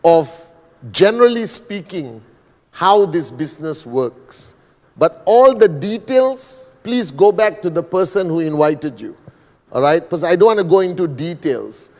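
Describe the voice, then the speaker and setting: Middle-aged Malaysian man, slightly high voice, deliberate sales presenter in a reverberant hall. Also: a little mellow. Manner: slow, deliberate, with frequent "all right" and "okay". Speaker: business presenter.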